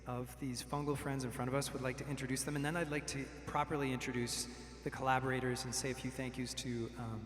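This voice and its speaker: A man's voice: medium pitch, level tone, quick pace, hardly any pauses, a little hiss or hum. A man hosting an event, introducing guests in a loose, friendly way with many fillers. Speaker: event host. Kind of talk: event emcee remarks. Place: large hall, a former church. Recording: roomy hall with long reverb and faint ambience.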